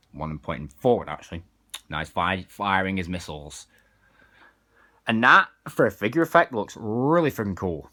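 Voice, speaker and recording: Man, lowish voice, casual toy review, hands-on demo talk. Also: bright, forceful tone. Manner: chatty, hands-on demonstrating.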